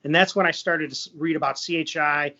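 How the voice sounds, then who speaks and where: A man's voice: fairly high pitch, steady tone, brisk, bright, forceful tone, muffled recording. A man hosting a casual interview, easygoing and plain-spoken. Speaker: host.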